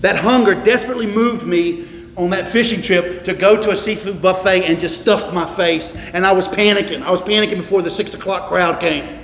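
A man preaching from the pulpit, his voice pitched high and carrying emphatic, repeated phrases. The sound rings with long reverb in a roomy church hall. Faint ambience stays in the background. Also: a bit bright, a little hiss or hum. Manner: emphatic preaching, repeats words, slows for stress. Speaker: pastor. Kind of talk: sermon.

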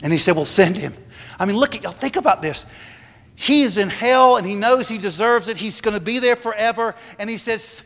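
Guy preaching, high voice, pushes hard and repeats himself, big echoey hall. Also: lively intonation, a little fast, bright, forceful tone. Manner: emphatic, repeats phrases. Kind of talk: sermon.

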